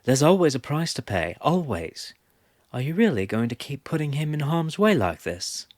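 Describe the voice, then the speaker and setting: Storybook character: a man doing a heated, insistent young woman, high and animated. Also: moderate pace, no echo, studio quality. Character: fierce, indignant young woman.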